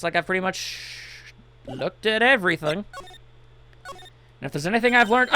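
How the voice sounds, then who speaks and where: A man riffing through a video game with jokey, casual commentary, reading lines aloud as he goes. His voice swings around lively and sounds bright and forceful. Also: high voice, normal speed, pauses often, a little hiss or hum. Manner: jokey, reads on-screen text aloud. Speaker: let's play commentator.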